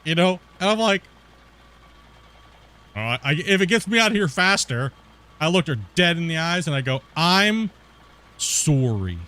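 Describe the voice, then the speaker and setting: A man's voice: on the high side, animated, moderate pace, long pauses, pushed and bright, smooth. A man streaming a game and telling a story in a rambling, slangy way, calling people dude and bro. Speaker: gaming streamer. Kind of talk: casual storytelling while gaming.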